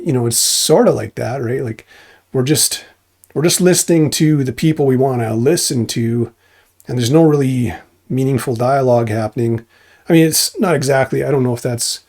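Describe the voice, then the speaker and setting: Gravelly man sharing an earnest testimony. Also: medium pitch, a little mellow. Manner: earnest, rambling, with many restarts. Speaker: church speaker giving a testimony. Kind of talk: informal church testimony.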